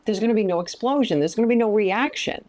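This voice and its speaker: A woman's voice: medium pitch, expressive, quick pace, darkish tone. A woman counselor and minister teaching in an interview, speaking emphatically and giving practical advice. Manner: emphatic, often acting out quoted lines.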